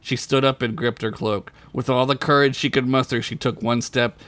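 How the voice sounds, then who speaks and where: A man's voice: mid-range voice, fairly even intonation, moderate pace, a bit bright, dry recording. A man hosting a podcast, reading a crude comedic fantasy story aloud and laughing at his own jokes.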